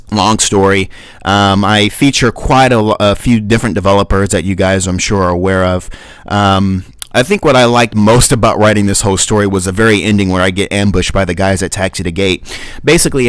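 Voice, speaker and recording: Brief: man, lowish voice, relaxed storyteller and livestream host, dry recording. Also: no room sound. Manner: relaxed storytelling with fillers and chuckles. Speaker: livestream host and flight sim reviewer. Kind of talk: reading his own story, then casual chat.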